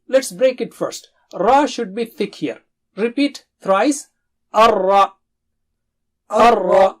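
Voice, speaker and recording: A Quran recitation teacher giving a slow, deliberate lesson, drawing out each syllable and pausing for learners to repeat, with calm explanations between drills. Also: medium pitch.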